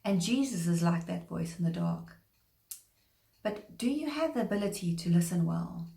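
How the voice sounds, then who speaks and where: A woman giving a short devotional sermon, earnest and measured, slowing down to stress scripture. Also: lowish voice, animated, gravelly, mellow. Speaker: preacher. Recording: echoey room.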